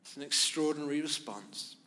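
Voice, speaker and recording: Bright-voiced male preacher in a reverberant hall. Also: a little high. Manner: measured, emphatic phrasing with pauses. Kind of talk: sermon. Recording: long reverb of a large hall.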